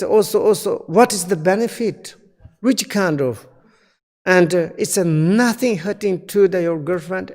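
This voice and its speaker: A man giving a Buddhist dharma teaching in halting, non-native English full of fillers, earnestly pleading and repeating his key points. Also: a little high, darkish tone, long reverb tail.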